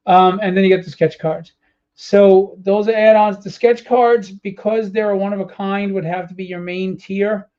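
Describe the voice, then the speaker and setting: A weary man with a high voice talks through his comic book campaign live, full of ums and uhs. He sounds fed up and annoyed as he goes. The stream audio is muffled and lo-fi. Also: steady tone, normal speed, darkish tone. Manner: rambling, audibly frustrated and annoyed, with many fillers. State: tired. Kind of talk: casual live-stream walkthrough.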